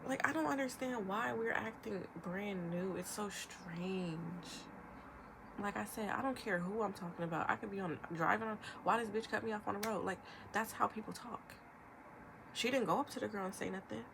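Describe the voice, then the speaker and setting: Young woman, ranting vlog, animated, medium pitch, noisy recording. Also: gravelly. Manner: emphatic, rapid-fire, animated with imitated quotes. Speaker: vlogger. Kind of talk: ranting commentary.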